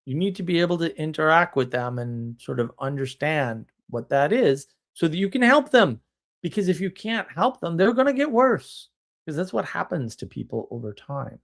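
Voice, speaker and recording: A man's voice: on the high side, very animated, moderate pace, creaky. A man hosting a live stream, talking in a casual monologue that rambles with restarts and chuckles, blunt and wry.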